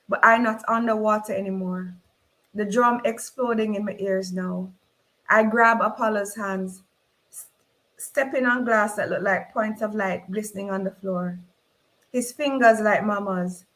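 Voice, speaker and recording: A woman with a Jamaican accent reading a novel aloud in first person, expressive and dramatic. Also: medium pitch, poor audio. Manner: expressive, voices the characters in dialogue. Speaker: reader.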